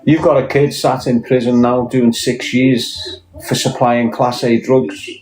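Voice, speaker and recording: A man's voice: mid-range voice, little pitch movement, unhurried, a little mellow, poor audio. A Scouse man talking bluntly in casual chat, swearing often and firing off rhetorical questions. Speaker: podcast guest.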